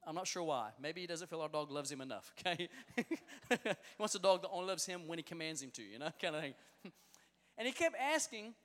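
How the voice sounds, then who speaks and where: Lively high-voiced man preaching in a reverberant hall. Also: fairly quick. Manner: lively, storytelling, excited. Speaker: youth pastor. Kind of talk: sermon. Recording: long reverb of a large hall.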